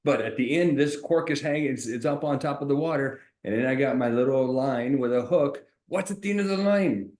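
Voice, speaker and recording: A man working as an insurance agent who talks straight to his viewers, animated and sarcastic, explaining while he shares his screen. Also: mid-range voice, a little fast, hardly any pauses, reverberant.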